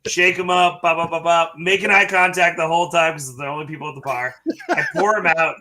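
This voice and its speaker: A man's voice: on the high side, steady tone, fairly quick, sharp tone. A man co-hosting a live stream, telling bar stories in casual chat and laughing as he goes. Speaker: bartender and co-host. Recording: live stream call audio.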